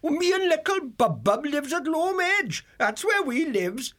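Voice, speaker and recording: A cheerful old dormouse rattles on in homely country talk. His voice sits high and swings up and down all the time. He sounds friendly, lonely and endlessly chatty in a storybook drama. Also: big pitch swings, unhurried, a bit bright, exaggerated voice. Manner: rustic folksy speech, rambling and friendly. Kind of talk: full-cast audiobook acting.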